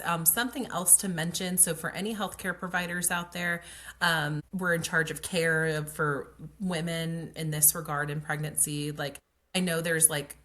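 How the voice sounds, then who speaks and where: In a casual storytelling mode, this woman, a guest who works as a pelvic floor occupational therapist, shares something personal. She sounds fairly low-pitched and easygoing, filling her speech with "like" and dramatizing what people said.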